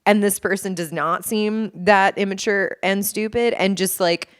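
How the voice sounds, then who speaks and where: A woman's voice: mid-range voice, fairly even intonation, a little slow, smooth, no room sound, clean studio sound. Woman in her thirties, rambling chat. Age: 30s. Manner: rambling, many fillers and restarts. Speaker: podcast co-host. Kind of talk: casual chat.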